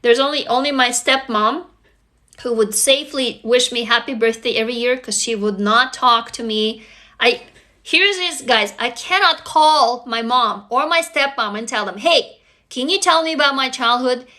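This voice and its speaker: A woman speaks in a high, bright, forceful voice. She hosts a livestream and talks in a raw, intense way, swearing freely and circling back to the same phrases again and again. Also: normal speed. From Russia. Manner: raw, intense, profane, repetitive. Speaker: livestream host. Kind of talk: emotional livestream monologue.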